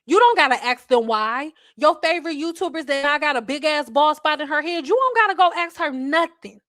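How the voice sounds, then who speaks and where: A high-pitched woman talking close to a dry mic in a casual livestream rant. She is blunt, exasperated and swears freely. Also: expressive, brisk, a bit bright, no room sound. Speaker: hair care educator. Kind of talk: casual ranting livestream talk.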